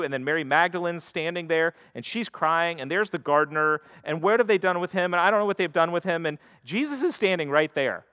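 A man's voice: on the high side, a bit bright, no room sound, studio quality. A man preaching a sermon in a conversational way, slipping into quoted voices to act out the stories. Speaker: pastor.

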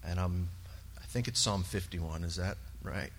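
A man sharing a personal testimony in church, earnest and halting, with many pauses and fillers. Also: low-pitched, slight background noise. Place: church sanctuary. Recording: long reverb of a large hall.

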